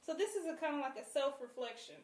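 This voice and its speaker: A woman's voice: high voice, lively intonation, fast talker, a little mellow, reverberant, far from the mic. A woman hosting a podcast who moves the talk along with a laugh. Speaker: podcast host. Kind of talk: casual chat.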